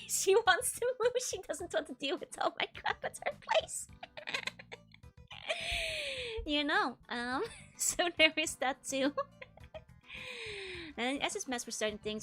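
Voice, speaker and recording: A woman's voice: high-pitched, a bit bright. A young woman from the Netherlands, a streamer chatting casually and giggling often as she plays. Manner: giggly, laughs often, rambling. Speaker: VTuber streamer. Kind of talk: casual chat while gaming.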